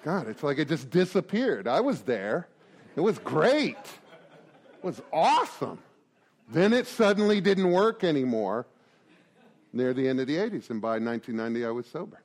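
Older man, fairly high voice, very lively pitch, joking talk to a recovery group, rhetorical asides. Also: normal speed. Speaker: recovery meeting speaker.

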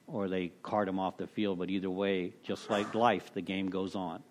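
A man's voice: low voice, little pitch movement, moderate pace, slight background noise. A middle-aged man sharing at a recovery meeting, rambling through a story with many restarts, "you know"s and casual cursing.

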